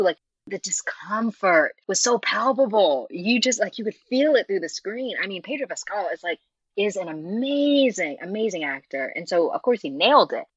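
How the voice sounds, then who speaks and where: A woman's voice: mid-range voice, slightly rough, no room sound. Woman guest gushing in casual chat, laughs a lot, dull lo-fi sound, dry close mic. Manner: animated, laughs often, lots of filler words. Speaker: interview guest, fanfiction writer. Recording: muffled lo-fi audio.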